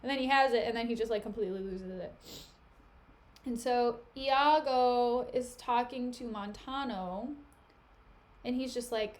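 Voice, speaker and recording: A woman's voice: fairly high pitch, unhurried, a little hiss or hum. A young woman streaming, retelling a play in a chatty, slangy way, her voice still recovering.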